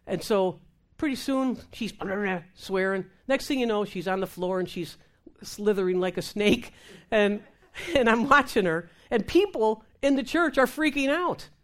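Animated woman telling a ministry story. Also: mid-range voice, measured pace. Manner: animated storytelling, acting out voices, laughing. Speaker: Christian minister. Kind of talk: testimony talk show conversation.

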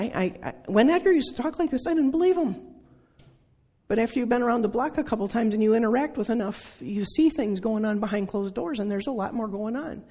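Speaking in a medium-pitched, warm, slightly rough voice, a preacher in their sixties gives an earnest sermon, conversational and laden with rhetorical questions. The recording has the long reverb of a large hall.

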